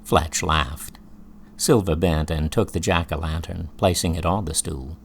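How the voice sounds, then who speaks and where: A man reading an audiobook in a slow, measured storytelling voice. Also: low voice, steady tone, vocal fry, a little hiss or hum. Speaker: audiobook narrator. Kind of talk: scripted audiobook narration.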